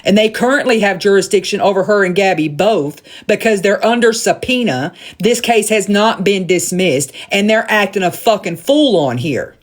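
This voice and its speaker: Southern woman livestreamer, heated profane rant into a phone, medium pitch, blunt and repetitive. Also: lively intonation, moderate pace, few pauses. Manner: profane, blunt, repeats points for emphasis.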